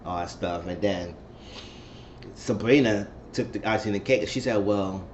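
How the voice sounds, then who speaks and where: A man's voice: on the low side, normal speed, a little mellow, dull audio, slight background noise. Chatty man recapping a show. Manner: chatty and rambling, acting out the quotes. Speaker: TV episode reviewer. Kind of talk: casual recap vlog.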